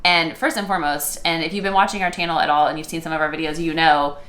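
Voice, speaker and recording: A woman with a notably low, deep voice chats casually as co-host of a vlog, upbeat and full of filler words. She sounds like she is in a roomy, echoing space indoors. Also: steady tone, fast, a bit bright. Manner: chatty, upbeat, with frequent "um" and "yeah". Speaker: co-host of a couples channel.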